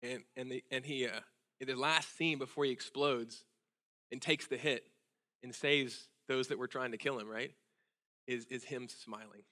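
A man in his thirties preaching a sermon in a church, telling stories with earnest feeling and dropping to a hushed intensity. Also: medium pitch, steady tone, normal speed. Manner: earnest, emotional storytelling, drops to hushed intensity. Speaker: pastor. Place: church sanctuary.

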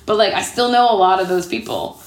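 Female improv comic, 30s, rambling podcast guest, mid pitch, echoey room. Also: brisk. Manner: chatty, peppered with "like". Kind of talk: casual storytelling interview. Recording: roomy echo.

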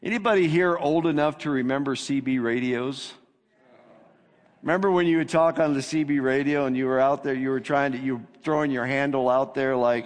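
Pastor guy preaching, middle-pitched voice, big hall reverb, gets emphatic on scripture. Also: moderate pace. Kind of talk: sermon. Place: church sanctuary. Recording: long reverb of a church hall.

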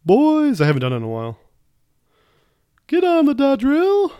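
A gruff football coach barks at his players in a strained, shrill yell pushed far above a normal speaking voice, as a man puts him on. The sound is dry and close, with no room around it. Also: huge pitch swings, moderate pace, no room sound, lo-fi sound, exaggerated voice. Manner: barking, high-pitched shouting.

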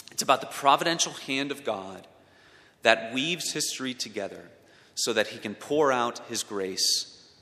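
A man's voice: medium pitch, bright, forceful tone. A man giving a sermon as a pastor, asking his listeners questions and repeating words as he thinks. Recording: long hall reverb.

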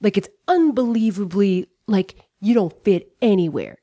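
A woman's voice: medium pitch, normal speed, mellow, no room sound, studio quality. A middle-aged American woman telling a personal story, candid and profane, with lots of "like" and "you know". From United States. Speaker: comedian guest.

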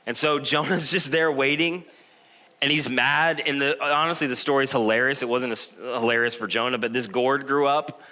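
Bright-voiced pastor preaching with humor. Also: male voice, mid-range voice, moderate pace. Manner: humorous, animated storytelling with chuckles. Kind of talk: conversational sermon.

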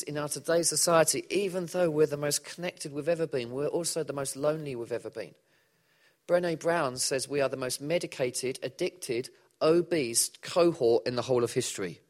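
A man preaching a sermon in a church hall, conversational and animated, often asking the audience questions. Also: a little high. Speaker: pastor.

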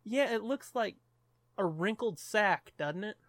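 A man co-hosting a casual movie commentary, playful and jokey, quick to tease his co-host. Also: high voice, expressive, fairly bright tone, no echo. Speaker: podcast co-host.

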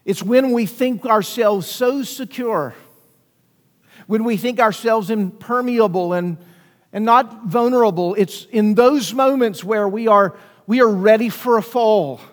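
High-pitched guy preaching, lots of rhetorical questions, long hall reverb. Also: unhurried. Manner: emphatic preaching, rhetorical questions, acts out quoted lines. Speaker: pastor. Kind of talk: sermon.

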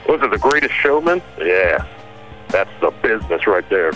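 Deep-voiced, laid-back musician guest. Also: male voice, very animated, normal speed, a bit bright, soft background music, low-quality recording. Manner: laid-back and joking, laughs easily. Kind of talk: casual interview.

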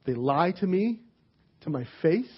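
A man's voice: a little high, big pitch swings, unhurried, husky. A man, preaching a casual sermon with candid jokes and acted-out quotes. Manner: candid, joking, acts out quoted people. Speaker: pastor. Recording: dull lo-fi sermon recording.

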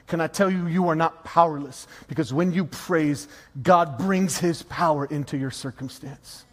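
Male pastor, high voice, emphatic sermon delivery with repeated phrases, long hall reverb. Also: moderate pace.

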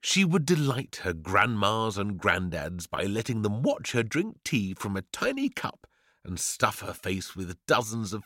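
A man reading a children's story with a playful, theatrical flair. His voice sits a little low but leaps around constantly. The sound is dry and close. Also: a bit bright, dry recording. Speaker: narrator.

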